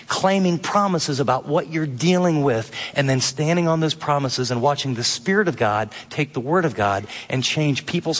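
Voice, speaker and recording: A man's voice: a little high, a bit bright. A man preaching a sermon, emphatic and earnest, teaching from a passage and asking pointed questions. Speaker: pastor. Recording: long hall reverb.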